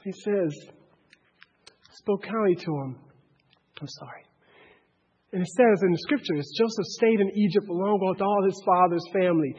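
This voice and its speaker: A man preaching a sermon as pastor, swinging between shouted points and hushed asides. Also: sits high, normal speed, pauses often, husky. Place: church hall. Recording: dull, echoey hall recording.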